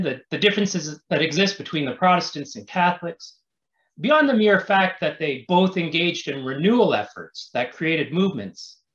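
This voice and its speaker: A pastor presenting an academic paper, reading his prepared text in a measured, scholarly way. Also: a little high, fairly bright tone, roomy sound, dull audio. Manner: measured, scholarly delivery with occasional restarts.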